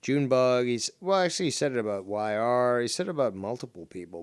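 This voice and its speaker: A man's voice: medium pitch, quick pace, hardly any pauses, clear, resonant tone, dry recording. Sarcastic man hosting a call-in stream. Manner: mocking, sarcastic, insulting. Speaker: stream host. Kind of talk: live call-in commentary.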